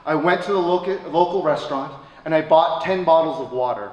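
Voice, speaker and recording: Male storyteller, higher-pitched and animated, shifting from excited bursts to hushed somber lines, heard on an echoey stage from a distance. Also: a little fast, highs cut off. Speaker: storyteller at a live show. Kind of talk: live personal storytelling. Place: stage at a live radio show. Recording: echoey stage from a distance, faint room noise.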